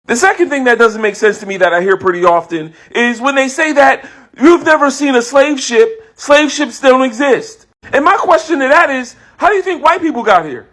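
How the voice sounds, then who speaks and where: A man's voice: very high voice, animated, normal speed, fairly bright tone. A man delivering a scripted commentary monologue, emphatic and full of rhetorical questions.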